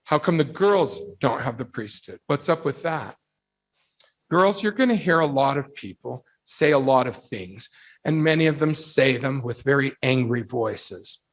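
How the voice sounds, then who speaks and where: A man giving a devotional talk to young people, telling animated anecdotes and asking rhetorical questions. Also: mid-range voice, a little slow. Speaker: religious speaker addressing youth.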